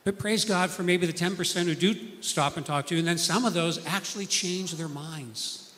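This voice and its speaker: A man's voice: high voice, normal speed, fairly bright tone, long reverb tail. A man preaching a sermon, telling stories earnestly and acting out the people he quotes.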